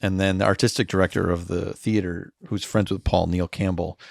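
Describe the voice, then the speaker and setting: A man's voice: low-pitched, level tone, brisk, vocal fry, no echo, studio quality. A man guesting on a podcast, telling rambling self-deprecating stories with laughs. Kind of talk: casual podcast chat.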